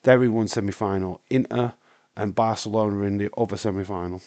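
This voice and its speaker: A man, hoarse with a breaking voice, hosting a live stream in a casual, rambling chat while answering viewer comments. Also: fairly low pitch, fairly even intonation, brisk, a little mellow, dry recording. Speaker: wrestling stream host.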